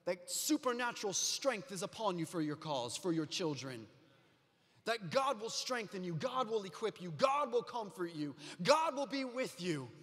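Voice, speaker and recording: A man preaching a sermon as a pastor, moving from quiet storytelling to loud, rising exhortation. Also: high voice, big-room sound.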